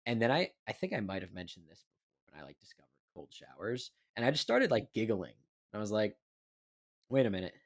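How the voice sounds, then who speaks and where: A young man co-hosts a podcast in casual chat, rambling with plenty of fillers. His fairly low voice swings hugely in pitch, and he speaks briskly.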